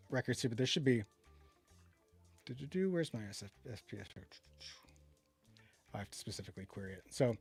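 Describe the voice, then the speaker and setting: A man's voice: mid-range voice, darkish tone, no echo. Rambling casual man talking tech. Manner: rambling, self-correcting, reads chat comments aloud. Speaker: podcast co-host. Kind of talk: casual livestream tech chat.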